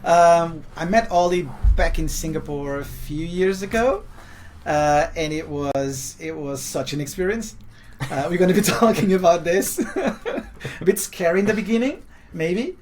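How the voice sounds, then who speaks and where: A Portuguese-accented man hosts a relaxed podcast interview, his pitch leaping about as he jokes and laughs. He tends to say things twice. A light hiss sits under the recording. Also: a little slow. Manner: playful and laughing, repeats himself. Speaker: podcast host. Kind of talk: casual interview chat. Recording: faint background noise.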